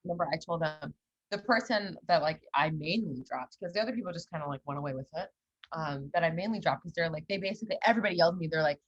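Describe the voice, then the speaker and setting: A young woman co-hosting a podcast chats casually, telling blunt, animated stories and acting out the quotes. Her voice is deep and fast with a breathy edge, and the audio is dull.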